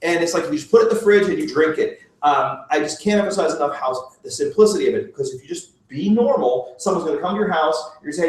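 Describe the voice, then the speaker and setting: A middle-aged man joking his way through a talk to a group, full of fillers and quick self-mocking asides. His voice sits fairly high and is caught from across a big echoing room, well away from the mic. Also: lively intonation. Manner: chatty, self-mocking, laughs often, lots of fillers. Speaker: presenter at a business opportunity meeting. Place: meeting room. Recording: echoey room, voice far from the mic.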